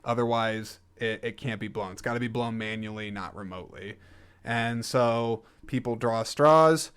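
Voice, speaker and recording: A man's voice: medium pitch, moderate pace, fairly bright tone, clean tone. A young man talking casually on his own about a film, rambling and joking, often correcting himself. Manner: rambling, jokey, self-correcting. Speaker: podcast host reviewing films. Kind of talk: casual solo film review podcast.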